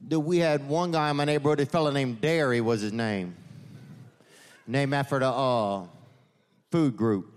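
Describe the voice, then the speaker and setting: A man doing a stand-up comedy set at a live venue. He rambles through the story, corrects himself often and drops deadpan asides. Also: medium pitch, moderate pace, pauses often, clean tone.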